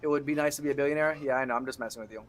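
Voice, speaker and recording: A young man streaming a game, chatting loosely with viewers, joking and swearing with sudden excited outbursts. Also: mid-range voice, racing. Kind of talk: casual gameplay commentary.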